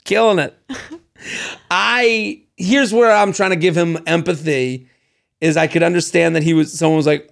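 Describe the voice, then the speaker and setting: A man co-hosting a podcast in casual chat, animated and quick to slip into goofy voices. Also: on the high side, gravelly. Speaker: podcast co-host.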